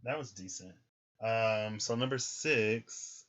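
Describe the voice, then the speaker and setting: A man with a fairly low, slightly bright voice gives a casual tarot reading on a livestream, speaking at a moderate pace. He thinks aloud with lots of ums, and the lo-fi audio sounds a little muffled.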